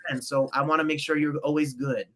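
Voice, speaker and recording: A man from New Jersey hosts a casual talk show, his voice bright and forward. He talks in a warm rush, circling back on himself as he goes. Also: on the high side, flat delivery, brisk. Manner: effusive, rambling. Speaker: host. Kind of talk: casual chat.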